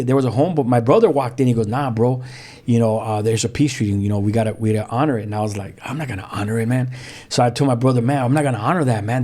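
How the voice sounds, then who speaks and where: A man's voice: medium pitch, dark tone. Street-talking man from South Central LA. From South Central Los Angeles. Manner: street slang, repeated restarts, acts out quoted voices. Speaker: pastor and podcast guest. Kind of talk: personal testimony in a podcast interview.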